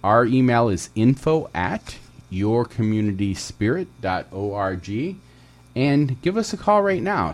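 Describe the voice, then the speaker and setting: A man's voice: mid-range voice, sing-song, takes it slowly. A man co-hosting a community radio show in casual chat, joking and reading out listings. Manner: jokey, laughs often, reads listings. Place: radio studio.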